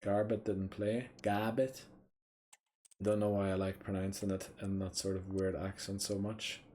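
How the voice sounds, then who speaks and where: Low-voiced man muttering through a football game. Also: monotone, moderate pace, a little mellow, a little hiss or hum. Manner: mutters to himself, mild swearing, thinking aloud. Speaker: gaming streamer. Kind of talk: casual gameplay commentary.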